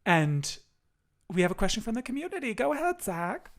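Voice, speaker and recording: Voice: mid-range voice, very animated, a little fast. A podcast host speaking in an affirming, encouraging and emotive way during a casual chat.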